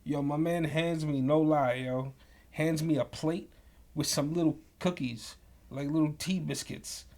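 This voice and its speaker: A young man telling profane, animated work stories as a podcast co-host. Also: fairly high pitch, unhurried. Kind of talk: casual storytelling.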